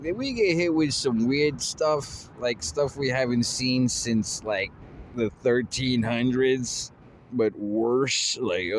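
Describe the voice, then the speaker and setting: A man's voice: mid-range voice, slight background noise. A man rambling in a casual monologue, drawling with lots of fillers like "you know" and "man".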